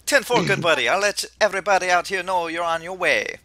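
A man voicing a cheery, upbeat male professor who welcomes newcomers, with a booming, playful delivery that attempts a put-on lilt. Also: lively intonation, normal speed, bright, forceful tone. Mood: cheerful.

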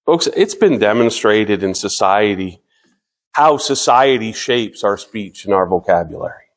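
A man in his fifties preaching a sermon as pastor, earnest, slowing down to read scripture and often restarting his sentences. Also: on the low side, expressive.

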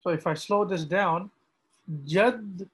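A man, an imam, teaching how to pronounce a prayer, repeating each word slowly and drawing it out for practice. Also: a little high, bright, forceful tone, low-quality recording. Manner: slow, deliberate, repeats words drawn out for practice. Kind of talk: pronunciation lesson with screen pointer.

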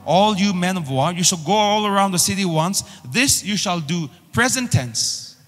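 A male pastor delivering a sermon, emphatic and repetitive, pushing phrases up in pitch as he builds. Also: expressive, moderate pace, a bit bright, big-room sound, soft background music. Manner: emphatic preaching with repeated rising phrases.

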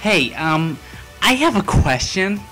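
A man's voice: high voice, slow pace, over music. A young man doing a drunken comic dub of game dialogue, heckling and jumpy. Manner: heckling, jumpy, swings from flat to shouting. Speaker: player voicing game dialogue.

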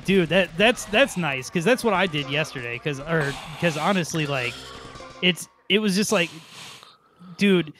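A man's voice: on the high side, animated, measured pace, music in the background. A man chatting casually over a video game, rambling, chuckling and calling his friend "dude". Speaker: let's play co-host. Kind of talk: casual gaming chat.

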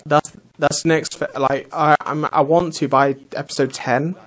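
A man's voice: fairly high pitch, level tone, measured pace, a bit bright. Chatty young gamer man. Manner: rambling, chatty, swears casually. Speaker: let's play host. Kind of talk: casual gaming commentary.

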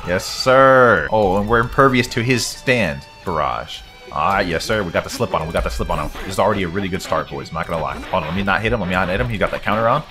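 A man's voice: sits low, fast, few pauses, over music. A man giving hyped, slang-filled let's-play commentary, hyping himself up as he plays. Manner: excitable, slangy, hypes himself up. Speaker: gaming YouTuber.

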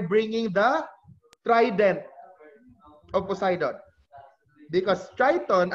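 A male teacher with a high voice lectures online from home, explaining material and correcting his own slips along the way. The sound is muffled, coming through a computer mic on a video call.

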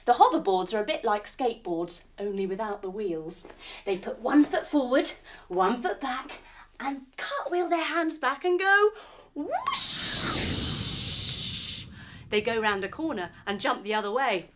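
A woman telling a guided yoga story for children, playful and animated with sound effects. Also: fairly high pitch, moderate pace, background noise. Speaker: kids' yoga instructor and storyteller.

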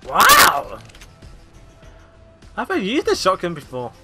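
A young man rambles through a video game playthrough, often breaking off to exclaim at the action. His voice is high and very bright, with lively pitch jumps. He talks slowly, with faint game music behind him. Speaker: gamer. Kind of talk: casual gameplay commentary.

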